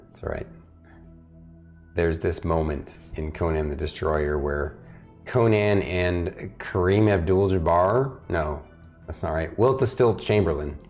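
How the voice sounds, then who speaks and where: A man's voice: low-pitched, a little mellow, dull audio. A man narrating a tabletop game as game master, with laughing, rambling asides.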